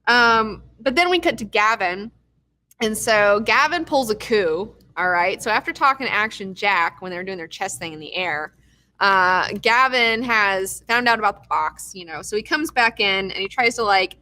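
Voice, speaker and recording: Bright-voiced excitable young woman recapping. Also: medium pitch, normal speed. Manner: profane, excitable, acts out characters' lines. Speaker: TV recap host. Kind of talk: casual episode recap.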